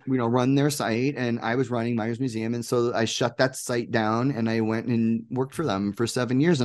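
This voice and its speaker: Animated man telling stories. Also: medium pitch. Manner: animated, enthusiastic, acts out quoted people. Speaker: guest, producer and game maker. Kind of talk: casual interview storytelling.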